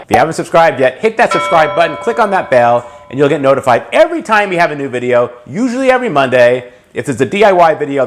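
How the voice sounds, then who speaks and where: A man hosting a cooking video, casually explaining a recipe step by step and then tasting it. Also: medium pitch. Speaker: cooking channel host.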